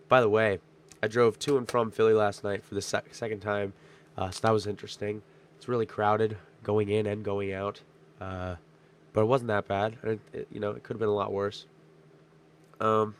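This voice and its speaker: Stuffed-up young man rambling excitedly. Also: on the low side, moderate pace, pauses often, slight background noise. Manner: rambling, excitable, many fillers. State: stuffed-up nose, strained voice. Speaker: sports vlogger. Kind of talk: casual sports recap vlog.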